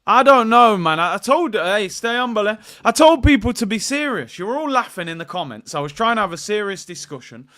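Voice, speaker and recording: A man's voice: sits high, a little fast, hardly any pauses. A man hosting a casual football live stream, reading out viewer comments and joking around. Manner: animated, jokey, bursts into loud excitement.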